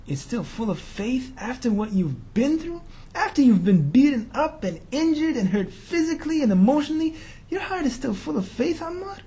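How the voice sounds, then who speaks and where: A man's voice: extremely high pitch, sing-song, normal speed, dark tone. A man telling a religious story in a sermon, talking casually and slangily and firing rhetorical questions at his listeners. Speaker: preacher.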